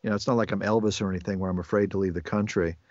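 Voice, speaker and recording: A man's voice: sits low, fairly even intonation, racing, a little mellow, no echo. A man being interviewed as a voice actor, chatting casually and rambling with frequent restarts. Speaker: voice actor guest. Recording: dull, dry lo-fi recording.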